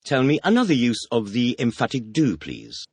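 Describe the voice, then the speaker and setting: A man reading the teacher's questions in a scripted audio language lesson, announcing words and asking quick questions. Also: medium pitch, huge pitch swings, a little mellow, breathy edge, no room sound. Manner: announces words, then fires quick questions with a clipped "please".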